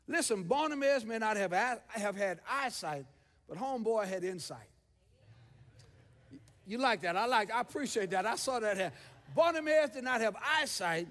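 A man preaching a sermon in a church, using rhythmic repeated phrases that build to shouts. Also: high-pitched. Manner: rhythmic repetition, rising to shouts. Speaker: pastor. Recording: long church reverb.

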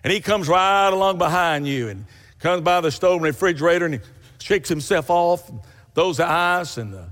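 A man's voice: high-pitched, animated, normal speed, a bit bright, in a large hall. A man preaching a sermon, telling folksy stories with rising emphatic bursts.

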